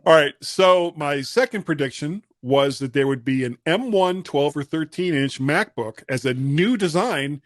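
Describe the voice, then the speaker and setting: A man's voice: on the high side, lively intonation, a little slow, few pauses, dry recording, clean studio sound. A man hosting a podcast in casual chat, jokey and playful, laughing at himself. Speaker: podcast host.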